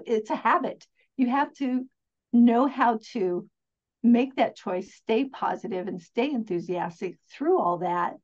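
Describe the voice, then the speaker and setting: A woman with a fairly high voice chats as a podcast guest, upbeat and enthusiastic as she rambles through her stories. She often restarts her sentences. The recording sounds dull and lo-fi. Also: darkish tone. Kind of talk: casual interview storytelling.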